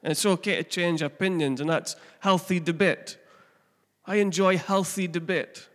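Pastor in a reverberant hall. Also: male voice, sits high, fairly even intonation, normal speed, fairly bright tone. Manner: chatty, asks the congregation questions, tells family stories. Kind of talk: conversational sermon.

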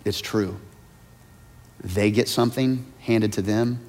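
A man preaching a sermon as a pastor, swinging between hushed, almost whispered asides and loud, high-pitched shouts. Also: fairly even intonation, slow pace. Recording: long hall reverb.

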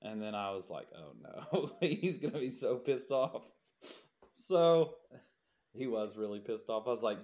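A man's voice: medium pitch, lively intonation, takes it slowly. A man co-hosting a podcast, telling a jobsite story in casual chat and laughing as he goes. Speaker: podcast co-host, builder.

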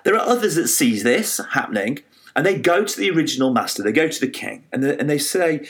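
Man preaching with lively storytelling. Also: a little high, fairly quick. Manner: animated storytelling with many fillers and restarts, acting out quoted voices. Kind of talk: sermon retelling a parable.

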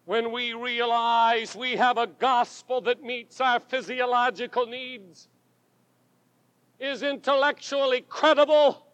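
A man's voice: very high voice, a bit bright, no echo. A man preaching a sermon from a church pulpit, with dramatic, rhythmic delivery and emphatic refrains. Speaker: pastor. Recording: dull lo-fi 1980s tape recording.

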